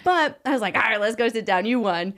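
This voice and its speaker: A woman hosting a podcast, telling a personal story in a casual, animated way and acting out the dialogue she quotes. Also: on the high side, fast talker. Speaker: podcast host.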